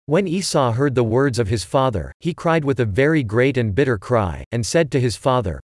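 A man reads scripture aloud at an even, measured pace. His voice sits at an ordinary male pitch. The recording is dry, with no room sound. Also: no echo. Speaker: scripture reader. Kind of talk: scripture reading.

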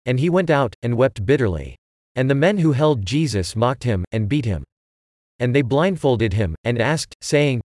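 A man reading scripture aloud in steady, measured, unhurried phrases. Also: medium pitch, dry recording, studio quality. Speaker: scripture reader.

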